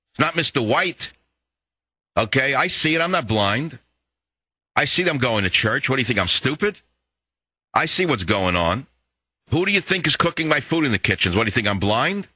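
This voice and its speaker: A man's voice: on the low side, sharp tone, no room sound. An older man hosting a political talk radio show, lecturing listeners in a combative monologue and telling jokes.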